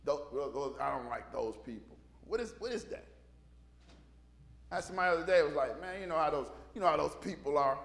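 Male preacher, folksy storyteller, high voice, long reverb. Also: animated, quick pace, creaky. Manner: folksy storytelling, acting out Bible figures in casual slang. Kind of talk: sermon.

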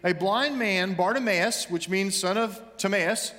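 Pastor, male, high-pitched, animated sermon delivery, long hall reverb. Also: measured pace. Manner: animated, acts out scripture voices, shouts for emphasis.

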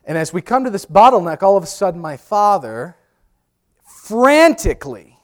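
A man preaching a sermon, telling lively personal stories, acting out voices loudly and often repeating words as he restarts. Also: high voice, moderate pace. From New York. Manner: animated storyteller, acts out voices loudly. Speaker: pastor. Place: church sanctuary.

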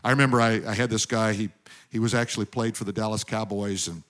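A male pastor preaching a sermon, telling stories and swinging between loud emphasis and quiet asides. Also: on the low side, steady tone, fast.

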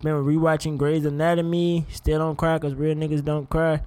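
A young man hosting a casual commentary show, animated and profane, laughing often. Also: on the high side, normal speed. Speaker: podcast host.

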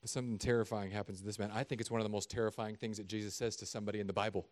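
A middle-aged man, a pastor, preaching a sermon in an animated, conversational, joking way. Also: lowish voice, very fast.

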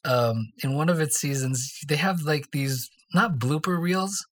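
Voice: mid-range voice, measured pace, a bit bright. A podcast co-host telling stories in a casual faith discussion, rambling along and tagging sentences with "right?". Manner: rambling storyteller, tags lines with "right?".

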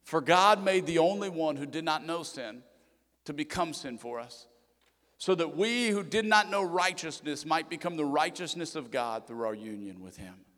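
A man's voice: a little high, expressive, normal speed. A man, preaching a sermon and telling family stories with acted quotes, building to emphatic repeated lines. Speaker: pastor. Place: church sanctuary. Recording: church hall reverb with soft instrumental music.

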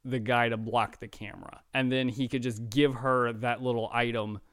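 A man's voice: mid-range voice, little pitch movement, moderate pace, fairly bright tone, no room sound, clean studio sound. A young man co-hosting a casual podcast, chatting eagerly about a movie and explaining plot details. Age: young adult. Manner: eager, explains plot points, quotes characters in offhand voices. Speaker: podcast co-host. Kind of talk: casual movie review chat.

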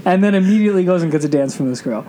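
A man who works as a wrestling announcer, chatting on a podcast and telling stories in a relaxed, wry way. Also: high voice, rapid-fire, noisy background. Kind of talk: casual podcast chat.

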